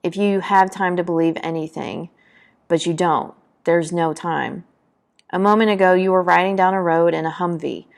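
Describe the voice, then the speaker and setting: Woman, book talk presenter, reading a novel aloud, dramatic, gravelly, low voice. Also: fairly even intonation, moderate pace. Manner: dramatic reading, voicing battle sound effects.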